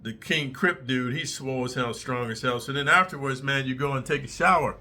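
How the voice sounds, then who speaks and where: A middle-aged man tells a prison story straight to his audience, talking blunt and streetwise with plenty of cursing. His voice is mid in pitch but strikingly bright and tense. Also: a little fast. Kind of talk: casual storytelling to camera.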